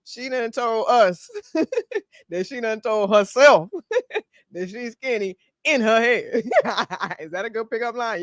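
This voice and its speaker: A woman hosting a reaction video, teasing and laughing loudly as she comments on a clip. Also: fairly high pitch, expressive, takes it slowly, dry recording, clean studio sound.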